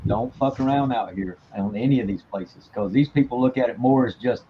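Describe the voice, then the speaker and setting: A man's voice: medium pitch, fairly quick. Blunt profane man, lo-fi sound. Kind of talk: casual chat. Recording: dull lo-fi with faint noise.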